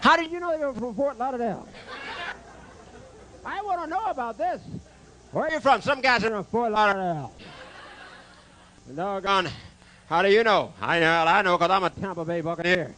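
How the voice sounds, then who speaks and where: A male comedian on a club stage, his voice pitched unusually high and sharp, bouncing through a wide, animated range. He fires off brash one-liners and teases the audience between jokes. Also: moderate pace, long pauses, a faint crowd. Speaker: stand-up comedian. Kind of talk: stand-up comedy with crowd work.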